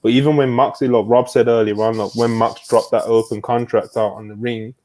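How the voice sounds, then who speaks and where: A man co-hosting a podcast in casual chat, excitable, swearing freely and retelling events at length. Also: medium pitch, a little fast. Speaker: podcast co-host.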